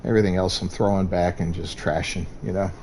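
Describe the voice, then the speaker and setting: A man's voice: deep voice, level tone, quick pace, darkish tone, slight background noise. A man hosting a gaming livestream, chatting casually in a laid-back way and thinking aloud. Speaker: streamer host.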